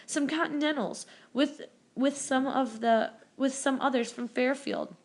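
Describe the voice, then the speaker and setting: A woman's voice: mid-range voice, moderate pace, lightly acted. A woman voicing a young boy, a frightened and defiant younger brother, speaking in frantic, raised bursts.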